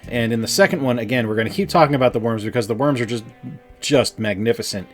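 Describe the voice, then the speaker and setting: A man's voice: mid-range voice, fast talker, faint music behind. A man co-hosting a casual game review, talking with enthusiasm and lots of fillers. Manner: enthusiastic, rambling with many fillers.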